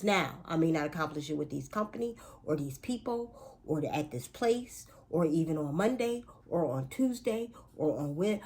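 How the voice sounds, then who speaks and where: A woman's voice: deep voice, expressive, normal speed, darkish tone. A woman talking casually to viewers in a spiritual pep talk, chatty and emphatic, with playful asides and speech. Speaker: astrology and spiritual reader.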